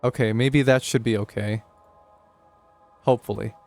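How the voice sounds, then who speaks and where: A man's voice: medium pitch, steady tone, moderate pace, gravelly, a little mellow, no room sound, faint music behind. A young man casually commenting on a horror game as he streams it live, joking and thinking aloud. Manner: chatty, jokey, thinking aloud.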